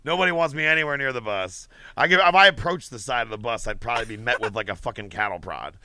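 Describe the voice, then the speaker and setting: A man's voice: mid-range voice, fast, sharp tone. A young man hosting a podcast from his home basement, chatting casually, joking, swearing a lot and laughing often. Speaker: podcast host. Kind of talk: casual chat.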